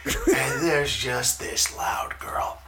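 A man in his thirties casually telling funny stories in a podcast chat, swearing freely and shouting out the lines of the people he quotes. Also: medium pitch, sing-song, drawn-out words, vocal fry, in a whisper. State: talking quietly at times because his wife sleeps.

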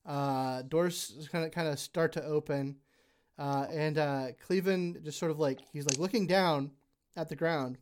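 A game master narrating a tabletop role-playing game with a halting delivery full of fillers. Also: medium pitch.

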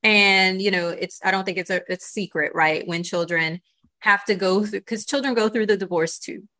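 A woman's voice: mid-range voice, moderate pace, bright, forceful tone. A woman guest on a podcast, speaking earnestly and reflectively in candid conversation, often checking in with "you know" and "right?".

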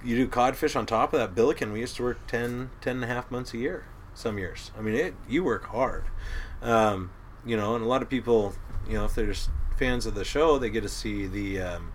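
A middle-aged man, a crab boat captain, telling stories in a casual, animated way and acting out quotes. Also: medium pitch, brisk, slight background noise. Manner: animated storyteller who acts out quotes and laughs. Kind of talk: casual storytelling chat.

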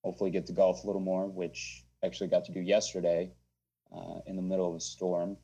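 A man co-hosting a podcast remotely from a home basement, talking in a low-key, dry way that trails off. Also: completely flat delivery, fast talker, vocal fry, dark tone, slightly rough, lo-fi sound. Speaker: podcast co-host. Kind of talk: casual chat.

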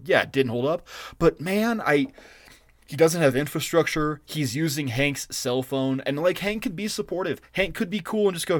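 A man's voice: fairly high pitch, no room sound. Man, podcast co-host, exasperated rant, frequent cursing, dry sound. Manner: ranting, swears a lot, exasperated. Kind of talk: casual podcast chat.

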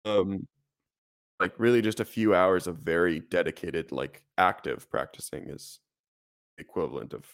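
A young man with a low, gravelly voice that drops into vocal fry. He co-hosts a podcast in a relaxed, rambling style, laughing easily as he talks. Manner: laid-back, rambling, quick to laugh. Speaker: podcast co-host. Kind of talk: casual chat.

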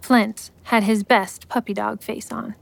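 A woman giving scripted story narration in a steady, measured way. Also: medium pitch, vocal fry.

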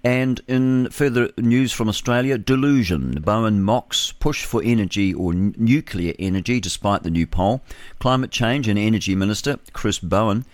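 A man's voice: lowish voice, normal speed, no room sound. A New man hosting a talk radio show, reading news headlines and adding scornful remarks between them. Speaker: radio host.

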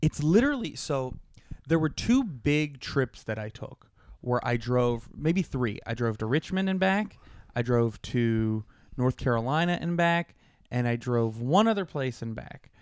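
A man co-hosting a casual podcast, telling stories with lively acted-out dialogue. His voice is smooth and resonant at a mid pitch. The recording is close and dry, with no room sound. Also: a little slow, dry recording. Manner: animated storyteller, acts out both sides of a phone call. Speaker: podcast co-host.

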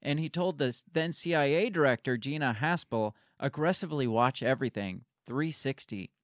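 A man's voice: medium pitch, normal speed, no room sound, clean studio sound. A man co-hosting a podcast, reading news excerpts aloud and riffing on them in casual, profane commentary. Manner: reads news excerpts aloud, then riffs with laughter and swearing. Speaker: podcast co-host.

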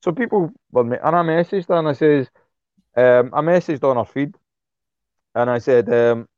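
A man's voice: medium pitch, moderate pace, a little mellow, dry recording, muffled recording. A man, speaking bluntly and heatedly as an interview guest, swearing freely and repeating himself when worked up. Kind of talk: impassioned casual interview talk.

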